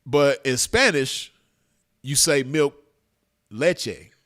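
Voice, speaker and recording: Slow-talking man telling a story casually. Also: mid-range voice, fairly bright tone. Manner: laid-back, slangy, cursing, breaks into laughter.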